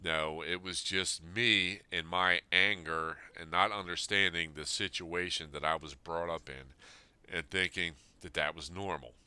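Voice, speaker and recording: Deep, sharp-toned man in his fifties. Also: steady tone, a little slow, clear, resonant tone, dry recording. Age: 50s. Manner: earnest, plain-spoken, reflective. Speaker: podcast host. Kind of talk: reading a personal letter aloud, then reflective talk.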